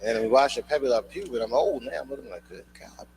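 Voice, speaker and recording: A man performing a stand-up routine, telling a loose, profane story and shouting his punchlines. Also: mid-range voice, fast talker, creaky. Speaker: stand-up comedian. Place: comedy club stage before a live audience. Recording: noisy live club recording.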